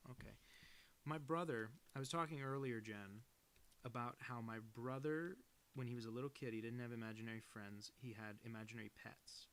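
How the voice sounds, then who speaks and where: A man's voice: mid-range voice, a little fast, a bit bright, clean tone. A man chatting casually with viewers on a live stream as he inks a cartoon, rambling and self-deprecating. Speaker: cartoonist streaming his work. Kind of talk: casual live-stream chat while drawing.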